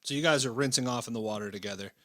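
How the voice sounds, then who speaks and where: A man narrating a tabletop war role-play as game master, describing scenes in a measured way with frequent fillers. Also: medium pitch, fairly bright tone.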